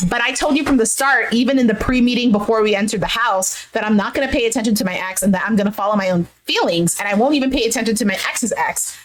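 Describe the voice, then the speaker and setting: A woman's voice: on the high side, rough recording. Chatty woman retelling a show. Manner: retells scenes animatedly, acting out quotes with "he's like". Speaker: recap vlogger. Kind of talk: casual show recap. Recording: faint background noise.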